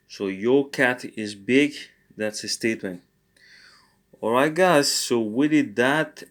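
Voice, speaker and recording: A man teaching an informal Spanish lesson. He thinks aloud with many fillers and good-humouredly corrects his own slips. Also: mid-range voice.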